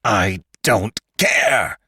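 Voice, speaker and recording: A man voicing a hateful, desperate dead man brought back to life, speaking slowly and heavily in a storybook reading. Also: very deep voice, gravelly, fairly bright tone, husky, no echo, clean studio sound, voice pushed down, full character voice. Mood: screaming. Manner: slow, heavy, bitter.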